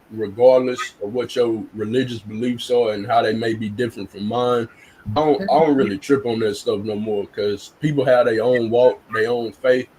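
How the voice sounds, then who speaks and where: A man's voice: medium pitch, darkish tone, slight background noise, low-quality recording. A man speaking bluntly and earnestly in casual live-stream chat, often restarting and repeating words.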